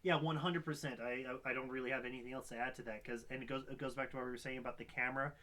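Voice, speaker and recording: A young man co-hosting a podcast, chatting casually about a film, rambling with many restarts and sudden animated outbursts. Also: mid-range voice, rapid-fire. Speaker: podcast co-host. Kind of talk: casual film review chat.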